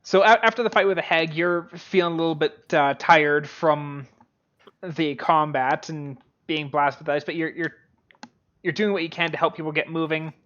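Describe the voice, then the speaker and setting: A man's voice: fairly high pitch, steady tone, moderate pace, a bit bright. Game master guy rambling through the scene, lots of likes and ums, kinda lo-fi mic. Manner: rambling, many fillers and restarts. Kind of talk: narrating a tabletop game.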